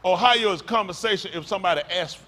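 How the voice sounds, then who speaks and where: A male pastor preaching loudly and quizzing his congregation, asking questions and calling on listeners. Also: sits high, fast talker. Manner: loud, rhetorical, questions the congregation. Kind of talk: sermon with audience back-and-forth. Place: congregation hall.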